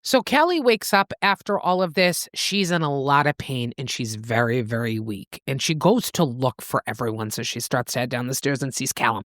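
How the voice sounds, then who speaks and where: A woman's voice: a bass voice, lively intonation, moderate pace, hardly any pauses, fairly bright tone, dry recording, studio quality. A woman co-hosting a book podcast, animatedly retelling a novel's plot and swearing freely. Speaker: podcast co-host. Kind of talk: casual book-club recap.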